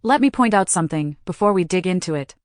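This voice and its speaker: A woman's voice: on the low side, animated, fast, dry recording. A woman giving an opinionated, dry commentary in a movie review.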